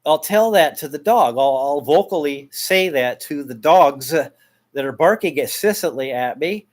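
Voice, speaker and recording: A man's voice: a little high, expressive, normal speed. A man speaking a casual monologue addressed to his neighbor, rambling with many restarts and repeated words as he airs his complaints. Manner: aggrieved, airing complaints.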